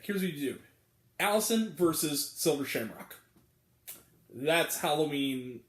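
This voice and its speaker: A man's voice: on the high side, echoey room. A man giving a casual, exasperated spoken film review, rambling with lots of fillers. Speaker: movie reviewer.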